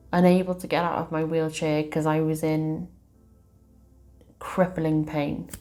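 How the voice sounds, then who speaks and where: A woman, a tarot reader hosting her channel, telling a personal story to camera in a soft, slow, heartfelt way. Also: deep voice.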